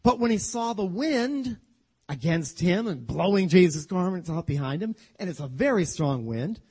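A man teaching a sermon as a humorous, animated story, acting out the voices of the people in it. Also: high-pitched, moderate pace, breathy edge. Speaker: Bible teacher.

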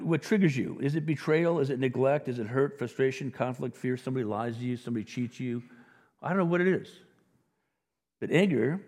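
A man's voice: mid-range voice, a little mellow. A male pastor giving a sermon, telling stories in a conversational way and rising to emphatic points. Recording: reverberant hall.

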